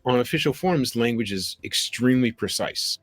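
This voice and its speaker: Animated man telling stories on a call. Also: mid-range voice, normal speed, husky, no echo, soft background music. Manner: animated, quotes people in little voices. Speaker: guest. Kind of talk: conversational storytelling. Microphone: video call.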